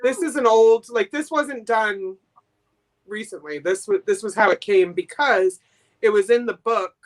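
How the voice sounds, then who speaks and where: Guest seller: a bubbly, talkative woman from Boston, mid-range voice, casual live-stream chat. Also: medium pitch. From Boston, USA. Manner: chatty and enthusiastic, quick giggles.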